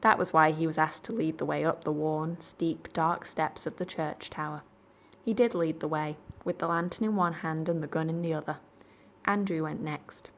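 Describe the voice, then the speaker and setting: A woman reading a children's storybook aloud in clear, measured narration. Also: low-pitched, a little hiss or hum. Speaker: library storyteller.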